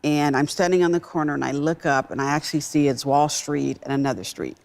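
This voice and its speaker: A woman executive telling a personal story in a talk-show interview, emphatic and animated. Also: low-pitched, brisk, creaky. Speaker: guest, business executive.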